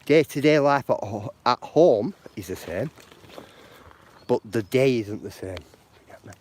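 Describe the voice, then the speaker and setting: A man's voice: mid-range voice, lively intonation, a little slow, a little mellow, slight background noise. A man chatting outdoors on a live walk, rambling and encouraging, with lots of "you know". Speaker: walking vlogger. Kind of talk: live walking chat. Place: outdoors on footpaths.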